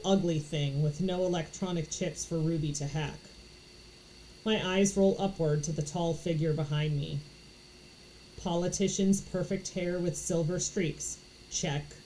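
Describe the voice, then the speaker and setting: A woman's voice: deep voice, mellow, slight background noise, low-quality recording. A woman from Florida reading a novel aloud, narrating in first person with expression. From Florida, USA. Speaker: audiobook reader.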